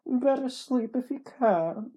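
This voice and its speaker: Storybook hero, voiced by a reader: high, drawn-out, breathy and insistent. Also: expressive, mellow, exaggerated voice. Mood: urging. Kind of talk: hobby storybook reading.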